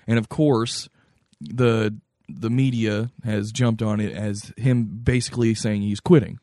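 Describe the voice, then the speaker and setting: Lowish guy cohost, wry, laughs a lot, dry sound. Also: a little slow, mellow, dry recording. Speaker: podcast co-host. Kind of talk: casual podcast chat.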